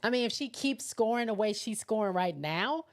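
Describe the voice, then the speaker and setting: This livestream host speaks at a normal speed in a medium-pitched, animated voice. She keeps things casual, reading the live comments and musing out loud as she goes.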